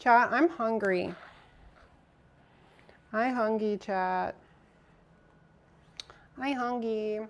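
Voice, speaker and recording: A woman's voice: fairly high pitch, drawn-out words, long pauses. A woman streaming live, chatting casually with her viewers as she builds a PC, swearing now and then. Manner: chatty, talks to chat while assembling a PC.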